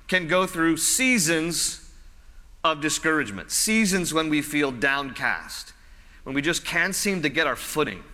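A male pastor delivers a sermon in a friendly, conversational manner, circling back to repeat his points. His voice is bright and slightly high. It carries a long reverb, as if it were filling a church sanctuary. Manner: conversational, repeats phrases for emphasis.

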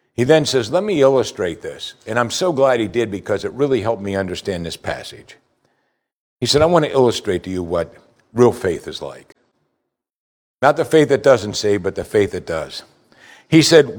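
A man's voice: mid-range voice, sing-song, normal speed. Preaching man, emphatic and dynamic. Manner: emphatic preaching, rising and falling in volume. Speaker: pastor. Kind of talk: sermon.

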